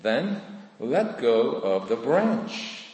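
A man voicing God speaking calmly from heaven in a quiet, unhurried way. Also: mid-range voice, roomy sound, long reverb tail.

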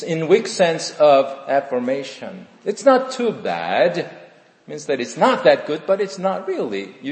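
Slow emphatic preacher in an echoey hall. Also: male voice, mid-range voice. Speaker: pastor. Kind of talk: sermon. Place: church sanctuary. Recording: echoey hall with long reverb.

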